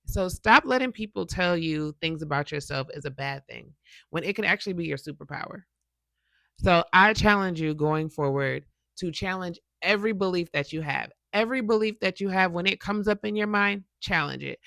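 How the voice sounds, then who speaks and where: A woman giving a casual motivational talk straight to her viewers, chatty and animated, checking in with them often. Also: fairly low pitch, normal speed, no echo. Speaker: motivational YouTuber and podcast host.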